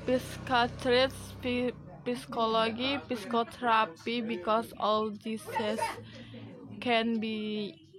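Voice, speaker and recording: A woman's voice: on the high side, little pitch movement, slow pace, crowd noise, low-quality recording. A woman who is not a native English speaker gives a class presentation, reading hesitantly and restarting words. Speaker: student presenter.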